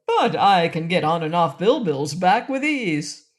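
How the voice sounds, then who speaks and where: A woman's voice: lowish voice, sing-song, a little slow. A woman doing a giggling, jolly fat little king. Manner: giggly, merry, laughing. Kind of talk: audiobook reading.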